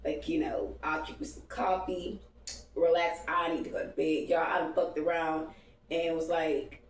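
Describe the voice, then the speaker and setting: A woman's voice: low voice, flat delivery, moderate pace, recorded from a distance, a little hiss or hum. Rambling, profane woman in an echoey room. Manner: rambling, profane, addresses viewers as y'all. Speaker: vlogger. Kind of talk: casual late-night storytime. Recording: echoey room, voice a bit off-mic.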